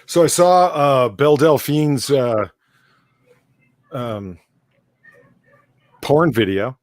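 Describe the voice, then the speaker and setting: A man joining a livestream as a guest, trading wry, deadpan jokes in casual chat. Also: mid-range voice, very slow, no room sound. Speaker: stream guest.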